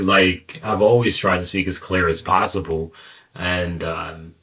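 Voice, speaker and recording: A man's voice: sits low, measured pace, distant mic. An American man hosting a reaction video, talking casually and animatedly, with many "like"s and "bro"s. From United States. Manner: animated, repeats himself, says "bro" and "like".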